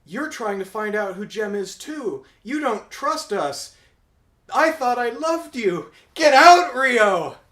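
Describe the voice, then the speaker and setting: A man putting on a shrill, indignant cartoon heroine. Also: sing-song, slow, roomy sound, heavily acted. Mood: hurt, indignant. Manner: shrill falsetto, rising to a shout. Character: indignant young woman scolding her boyfriend.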